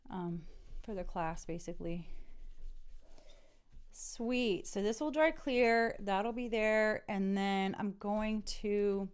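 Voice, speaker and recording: Speaking slowly and clearly, this middle-aged woman has a medium-pitched, resonant voice. She's vlogging her journal-page crafting, addressing viewers in friendly, rambling chatter.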